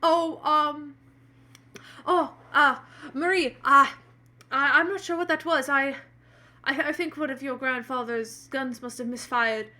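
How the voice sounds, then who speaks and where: A woman's voice: sits high, steady tone, a little slow, bright, forceful tone. A woman voicing a nervous ginger-haired chef who stammers while trying to sound reassuring in a tabletop game.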